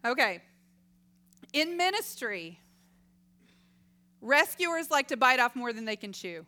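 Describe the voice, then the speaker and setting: A middle-aged woman giving a casual Christian teaching talk, telling stories lively and acting out voices. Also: sits high, slow. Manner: lively storytelling, acts out quoted voices, laughs often. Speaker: Christian speaker.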